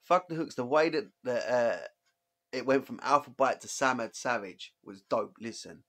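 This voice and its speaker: A man hosting a music reaction video, giving casual and excited commentary, swearing freely and stopping to point out moments he likes. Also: medium pitch, moderate pace.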